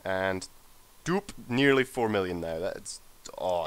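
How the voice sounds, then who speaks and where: Sweary, animated gamer man. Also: sits low, normal speed. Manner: sweary, excitable, mutters to himself. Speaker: let's play gamer. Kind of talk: casual gameplay commentary.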